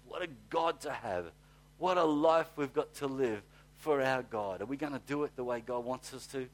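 A man preaching a sermon, swinging from hushed, slow reading to fired-up shouting, with blunt, folksy asides. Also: mid-range voice. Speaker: pastor.

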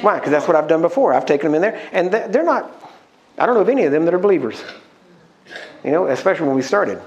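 A man's voice: on the high side, very animated, fast talker, lo-fi sound. A middle-aged man, a pastor, preaching a sermon in a conversational storytelling way, often asking his listeners questions.

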